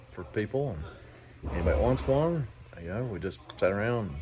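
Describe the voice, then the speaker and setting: Folksy man with a low voice. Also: noisy background. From West Virginia. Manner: folksy, joking, many fillers. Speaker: vlogger. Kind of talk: casual vlog talk.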